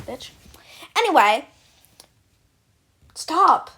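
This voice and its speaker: A young woman commenting over clips in a casual, rambling way, cursing freely. Her voice sits high and comes across bright and sharp. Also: lively intonation, moderate pace, slight background noise. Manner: blunt, swears freely, rambling asides. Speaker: reaction video host.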